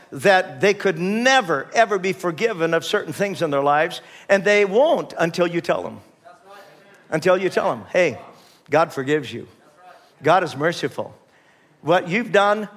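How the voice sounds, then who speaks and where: A man with a notably high-pitched voice preaches a sermon. He reads scripture aloud and sometimes breaks into sudden emphatic rises. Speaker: pastor.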